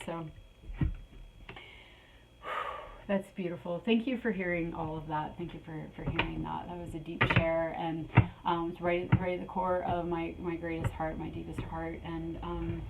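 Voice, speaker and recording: A middle-aged woman giving a spiritual tarot reading in a rambling way, repeating her phrases and filling pauses, a little out of breath. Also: low voice, vocal fry, heavy background noise. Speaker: tarot reader.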